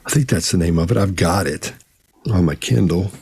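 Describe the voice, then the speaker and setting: A man's voice: sits low, brisk, creaky, a little mellow, slightly rough. A man co-hosting a live Q&A on body language, talking in a folksy way with many restarts. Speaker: co-host, body language expert. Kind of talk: live Q&A chat.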